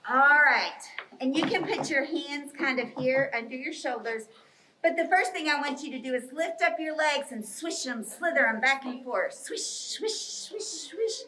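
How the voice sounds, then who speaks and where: A woman's voice: high voice, normal speed, sharp tone, a little hiss or hum. A woman leading a children's yoga storytime class in a library, cheery and encouraging with small children. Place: library room. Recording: echoey room from far off.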